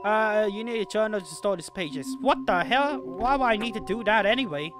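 A woman hosting a let's-play video, giving excitable commentary and swearing and shouting at the game. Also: mid-range voice, fairly quick, over music. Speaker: gaming video host.

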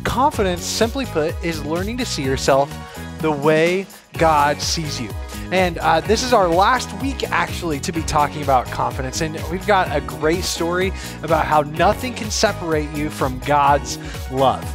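A man's voice: fairly high pitch, animated, moderate pace, over music. A man hosting an online kids church show from a theater stage, upbeat and playfully teasing. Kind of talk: presenting to children.

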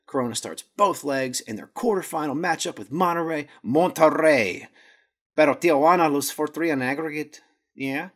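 Speaking a little fast in a slightly high voice, a man hosts a podcast. He reads casually from notes, cracks jokes on the side, and trips over Spanish words.

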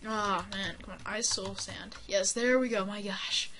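A woman chatting through a block-building game session in a playful, rambling way, cracking jokes at her own expense and giggling between thoughts. Her voice sits at an ordinary middle pitch. The home mic picks up a clear hiss along with the clicking of a keyboard. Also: steady tone, measured pace, fairly bright tone. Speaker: gameplay commentator. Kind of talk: casual let's-play commentary.

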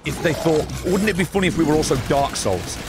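A man streaming a game, exasperated and swearing as he comments. His voice sits a touch high and swings a lot. Loud game noise plays behind him. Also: lively intonation, fast. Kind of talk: gaming commentary.

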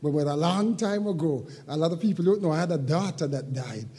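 Older man, pastor's sermon, husky high voice, long church reverb. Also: animated. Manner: swings from quiet, halting reflection to loud shouted preaching. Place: church sanctuary.

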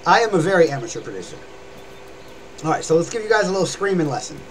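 Here a young man gives a casual live-stream vocal lesson on screaming and growling, rambling and showing examples along the way. He speaks fast in a slightly high voice with big pitch swings, over poor audio with slight background noise.

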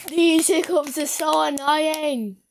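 A woman chatting casually with a friend while playing an online game for her video, excitable and giggly, with sudden shrieks. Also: sits high, slow pace, noisy background. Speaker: gaming video creator. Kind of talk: casual gameplay chat with a friend.

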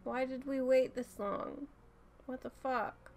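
A woman's voice: high-pitched, steady tone, slow pace, a little mellow. A young woman reacting to a TV episode, swearing and pleading with the characters on screen. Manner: profane, talks back at the screen. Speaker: reaction video host.

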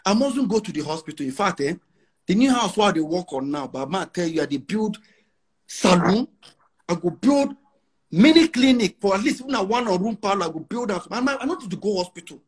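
A musician from Nigeria, in his forties, brags emphatically during an interview, mixing Pidgin into his Nigerian English and circling back to the same lines. His voice sits high and husky, with lively intonation and a slightly fast pace.

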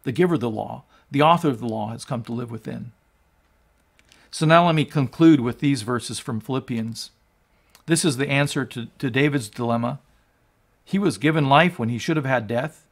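A man in his sixties, a pastor preaching, moving from quiet teaching to loud, fervent proclamation. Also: mid-range voice, normal speed, creaky. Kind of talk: sermon.

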